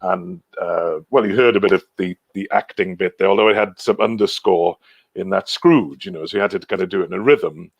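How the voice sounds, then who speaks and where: Man, Welsh accent, middle-aged, low voice, gravelly, hesitant casual chat. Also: a little fast, no room sound, dull audio. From Wales. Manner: chatty, hesitant, many restarts and laughs. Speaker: guest, singer and voice actor.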